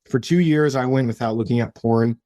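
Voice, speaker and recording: A man's voice: mid-range voice, a little fast, warm tone, no echo. Young guy on a podcast, earnest and emotional, stumbles and restarts a lot, mid voice, dry sound. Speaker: podcast guest. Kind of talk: personal story in an interview.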